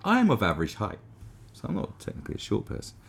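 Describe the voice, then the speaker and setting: A man with a deep, gravelly voice riffs through a sarcastic comedy monologue. His pitch swings widely as he mocks, and he often restarts his sentences mid-thought. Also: huge pitch swings, fast. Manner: sarcastic, rambling, with frequent restarts. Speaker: commentary host.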